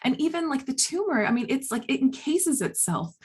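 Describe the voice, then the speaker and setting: A woman speaking as a holistic health coach in a casual, earnest vlog monologue, animated and blunt, often laughing between phrases. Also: high-pitched, a little fast. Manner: blunt, self-described swearer.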